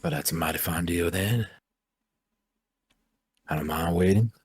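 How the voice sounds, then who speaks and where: A man's voice: low-pitched, unhurried, slightly rough, no echo, studio quality. A man voicing an easygoing Louisiana bayou man with a laid-back drawl.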